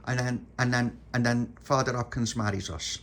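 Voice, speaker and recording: A man's voice: mid-range voice, fairly even intonation, normal speed, creaky, fairly bright tone, a little hiss or hum, pitched above the performer's own voice. A man voicing a practical, bossy woman bride in a raised, matter-of-fact voice for a homemade storybook. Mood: correcting.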